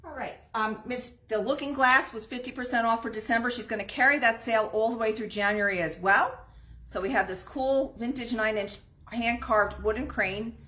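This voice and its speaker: This antique shop host has a sharp, somewhat high voice and a moderate pace. She's selling on a live stream, talking through items and their prices, with roomy echo around her.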